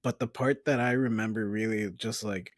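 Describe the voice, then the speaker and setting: A podcast co-host talking casually, laid back and laughing often, with plenty of swearing. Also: male voice, on the low side, fairly even intonation, normal speed, no room sound, clean studio sound. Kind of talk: casual chat.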